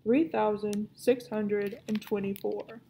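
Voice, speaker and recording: A woman reading aloud and voicing a cold, greedy old witch who counts her gold, speaking slowly and curtly. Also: medium pitch, level tone, creaky, mellow, slight background noise, rough recording. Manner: slow, cold, clipped.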